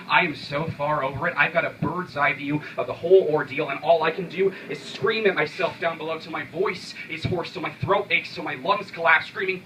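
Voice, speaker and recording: A young man performing an intense, rhythmic spoken word poem at a coffee shop open mic, swinging from quiet lines to sudden shouts. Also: a little high, fairly quick, hardly any pauses, distant mic, slight background noise, poor audio.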